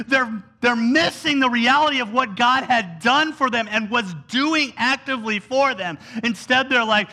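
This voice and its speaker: High, bright-voiced male preacher. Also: normal speed, few pauses. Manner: animated storytelling with whiny acted-out quotes. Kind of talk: sermon.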